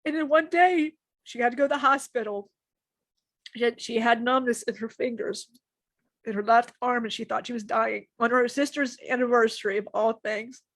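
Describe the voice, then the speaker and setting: High-voiced woman channeling a message. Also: a bit bright, no room sound. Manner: emotional, halting, with many restarts and repetitions. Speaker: spirit channeler.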